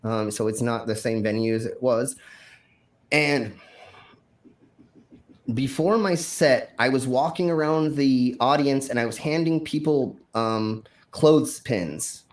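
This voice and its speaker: A man's voice: medium pitch, takes it slowly. A man hosting a stream, telling a wild story from his past in a rambling, profane way with many fillers and restarts. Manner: acts out his own shouted lines in the story. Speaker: stream host. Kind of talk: casual storytelling.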